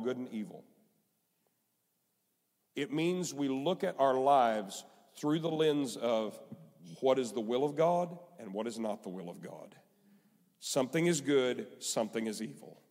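A man preaching with mid-range pitch, stressing and repeating his points in a sermon. His voice carries a long reverb from a church sanctuary. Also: darkish tone. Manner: emphatic, repetitive preaching. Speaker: pastor.

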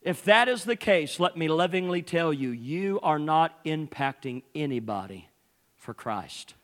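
A male pastor preaching a folksy sermon in church, building from quiet talk to shouting. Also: fairly high pitch, big pitch swings, a little slow.

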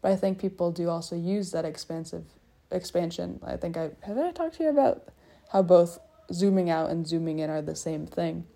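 Low, gravelly young woman musing aloud. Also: normal speed, hardly any pauses, dark tone. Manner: musing, self-mocking, talks in loose circles. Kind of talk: rambling personal monologue. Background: people faintly heard in the hallway.

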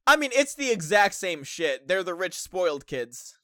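A man's voice: high voice, sing-song, normal speed, sharp tone, no echo, clean studio sound. A young man co-hosting a podcast, joking and teasing his friend in casual banter. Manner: teasing, giggly, goofy. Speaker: podcast co-host.

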